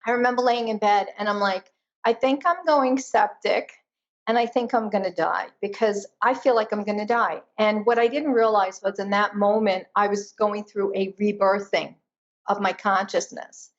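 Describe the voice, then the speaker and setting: A woman guest telling a personal story in an animated, emphatic way during a conversation. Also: medium pitch, normal speed, highs cut off. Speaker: guest, energy intuitive.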